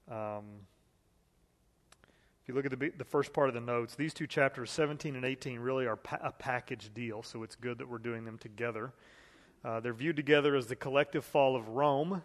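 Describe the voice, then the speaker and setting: A man's voice: medium pitch, normal speed, in a large hall. A man teaching a Bible study in a conversational way, reading scripture aloud and asking the group questions.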